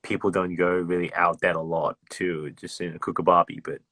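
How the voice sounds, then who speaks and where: A man's voice: sits low, little pitch movement, brisk, pushed and bright, dry recording. A man casually chatting on a livestream, loose and sweary, acting out slang examples. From Australia. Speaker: livestream host. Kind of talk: casual chat.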